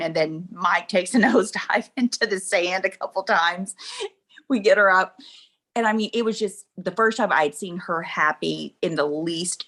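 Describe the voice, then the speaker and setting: A middle-aged woman shares a personal story as an interview guest. She talks in a chatty, lively way at an ordinary pitch for a woman. She laughs often and slips into the voices of the people she quotes.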